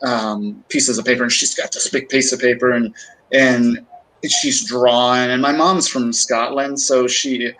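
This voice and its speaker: A man's voice: medium pitch, steady tone, unhurried, fairly bright tone, poor audio. A middle-aged man chatting casually on a livestream, rambling through stories with many fillers and restarts.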